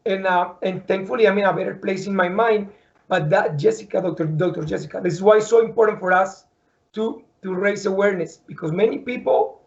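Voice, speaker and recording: A man's voice: sits high, highs cut off. A man hosting an interview, talking earnestly and restarting his words often. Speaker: podcast host. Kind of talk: emotional interview conversation.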